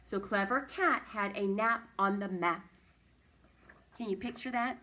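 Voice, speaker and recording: A woman's voice: medium pitch, unhurried, sharp tone, echoey room, far from the mic. A woman teacher leading a young children's phonics lesson, patient and sing-song, coaxing them to repeat after her. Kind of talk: early-reading phonics lesson.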